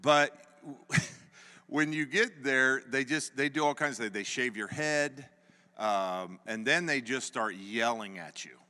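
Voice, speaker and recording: A man's voice: mid-range voice, slow pace, pushed and bright. A man in his fifties preaching a sermon, telling a personal story in a folksy way with frequent laughs and repeated phrases. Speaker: pastor. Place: church sanctuary. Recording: long hall reverb.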